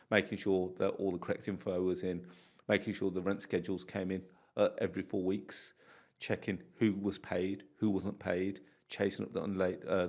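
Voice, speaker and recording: Low gravelly-voiced man telling stories. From United Kingdom. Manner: animated storyteller, acts out dialogue. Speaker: podcast guest, property landlord. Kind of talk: casual podcast interview.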